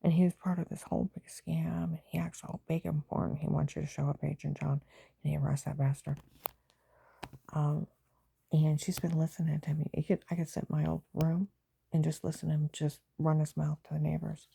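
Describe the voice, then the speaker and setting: Very gravelly, husky low-voiced woman. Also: level tone, brisk, mellow, dry recording. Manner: aggrieved, rambling, talks in bursts of anger. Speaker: vlogger. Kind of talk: rambling personal monologue.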